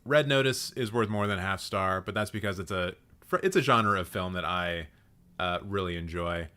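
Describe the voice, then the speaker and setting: A man's voice: low voice, normal speed, sharp tone, clear, resonant tone. A man hosting a live stream, giving blunt, sarcastic commentary and swearing freely. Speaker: host.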